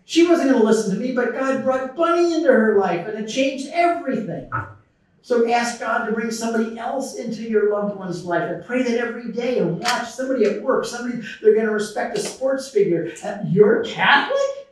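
Very high-voiced and fairly quick, a middle-aged man gives a talk in a large conference hall, acting out quotes, telling lively stories, and answering the audience. The echoey recording is distant, with slight background noise.

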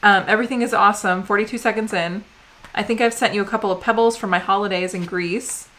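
This vlog co-host is a woman in her thirties from the U.S. who talks quickly, with a medium pitch, a steady tone, and a fairly bright sound. She chats casually and rambles as she goes through viewer mail, often saying "um".

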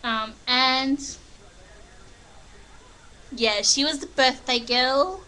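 A young woman from Australia rambles through a casual webcam vlog in a put-on American accent. Her voice is fairly high and bright, and she talks slowly, with giggles. It's recorded on a built-in webcam mic in her living room. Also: a little hiss or hum, poor audio.

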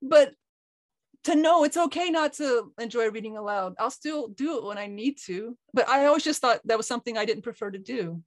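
Candid woman, middle pitch, dry video-call sound, storytelling host. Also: no room sound. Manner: candid, animated, frequent restarts and fillers. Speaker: co-host of an online talk. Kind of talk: personal storytelling in a group call.

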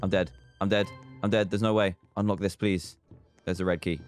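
A man's voice: deep voice, fairly quick, faint music behind. A young man hosting a gaming video, muttering under stress and yelping and cheering as he plays. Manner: animated, stressed muttering to himself, yelps and cheers. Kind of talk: excited gameplay commentary.

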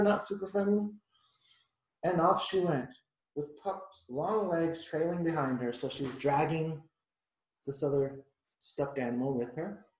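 Reading a picture book aloud to a group of children, a man with a fairly high voice pauses often to talk about the illustrations and put questions to the kids in a chatty way. He's a teacher, and the recording is rough, with an echoey room.

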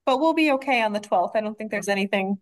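A woman's voice: mid-range voice, expressive, fast, no echo, low-quality recording. A woman, a library director, running a public board meeting in a chatty way with lots of fillers and restarts.

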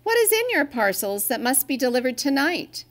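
A woman's voice: high-pitched, big pitch swings, moderate pace, pitched above the performer's own voice. A woman voicing the littlest reindeer in a storybook, a brave young male animal speaking eagerly. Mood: curious.

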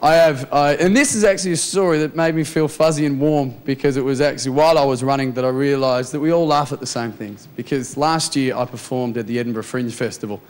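Self-mocking Australian stand-up comedian. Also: male voice, mid-range voice, fast, hardly any pauses. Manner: chatty, self-mocking storytelling. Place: TV studio with live audience.

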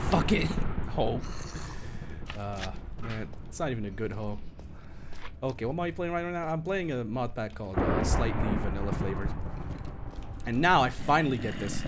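Young male streamer, lively swinging delivery, rambling live commentary over a noisy mic. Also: on the low side. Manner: excitable, swears, repeats himself when panicked.

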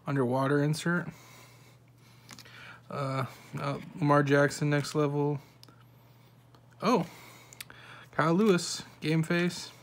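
A man hosting a home card-opening video, reading off player names one by one with quick offhand remarks in a soft-spoken way. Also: fairly high pitch, fairly even intonation. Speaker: card-opening channel host. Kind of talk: casual card-opening commentary.

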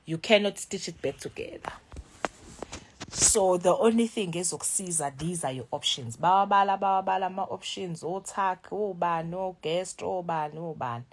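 A South African woman in her thirties venting in a casual vlog, animated and switching between languages mid-sentence. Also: on the low side, moderate pace. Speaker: YouTuber.

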